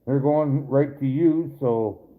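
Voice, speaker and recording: A man's voice: medium pitch, slow. Rambling man on a tinny stream. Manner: rambling, profane, talks straight to viewers. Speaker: livestream host reading viewer chat. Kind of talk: casual live-stream chat. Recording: tinny phone-like sound.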